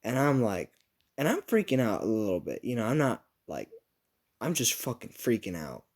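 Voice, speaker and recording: A man's voice: medium pitch, very animated, moderate pace. A young man telling a rambling, profane, self-mocking story about his school days in a casual vlog.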